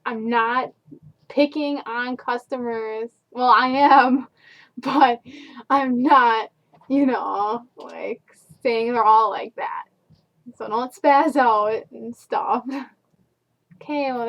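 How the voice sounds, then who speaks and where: A young woman who works at a fast food counter, telling stories about customers in a casual, sarcastic, exasperated vlog rant full of fillers. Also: on the high side. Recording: dull lo-fi home video.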